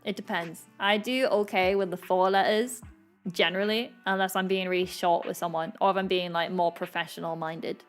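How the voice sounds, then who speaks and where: A young woman streaming, chatting casually while she draws. She talks softly, trails off quietly and giggles often between her remarks. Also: fairly low pitch, fairly even intonation, moderate pace. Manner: soft-spoken, trails off quietly. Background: faint background music.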